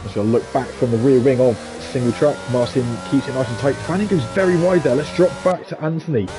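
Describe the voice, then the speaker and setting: A man doing lively play-by-play commentary for a sim racing league, chatty and quick to pull his co-host in. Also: mid-range voice, music in the background. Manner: chatty, excitable, asks co-host questions. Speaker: lead race commentator. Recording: noisy game car engine sound behind. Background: racing game engine noise.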